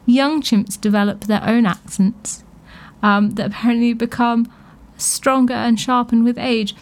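A woman's voice: fairly high pitch, steady tone, measured pace. A woman hosting a radio show, chatting casually with frequent laughs and thinking aloud. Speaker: radio host.

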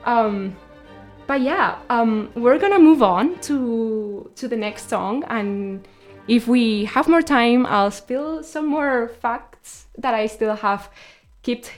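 A woman's voice: fairly high pitch, lively intonation, takes it slowly. A woman hosts a radio show and talks her way through science facts in a loose, chatty style. She stumbles, restarts and fills gaps with "um" and "like" as she goes. Music plays faintly beneath her voice. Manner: chatty and loose, many fillers and self-corrections. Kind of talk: casual radio talk sharing science facts between songs.

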